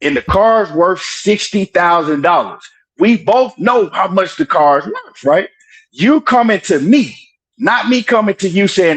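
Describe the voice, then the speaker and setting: A man's voice: high voice, animated, measured pace, a bit bright, poor audio. A man debating on a live stream, talking through an earbud and pressing his point with repeated questions and "right?".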